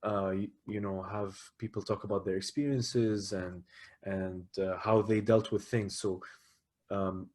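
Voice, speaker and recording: A podcast host from Lebanon, asking questions in a halting way, restarting and searching for words. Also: male voice, lowish voice, steady tone, darkish tone. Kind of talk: casual interview questions.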